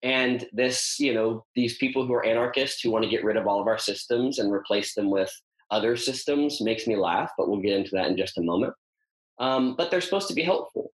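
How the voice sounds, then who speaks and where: A man's voice: fairly low pitch, a little fast. A man hosting a casual teaching talk, thinking aloud with frequent ums and uhs as he explains a scripture passage. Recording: roomy echo.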